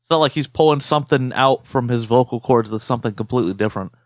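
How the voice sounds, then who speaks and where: A man's voice: medium pitch, quick pace, dry recording, studio quality. A man co-hosting a podcast in casual chat, swearing freely and putting on movie voices as he tells stories. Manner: profane, animated storyteller who imitates movie voices. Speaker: podcast co-host.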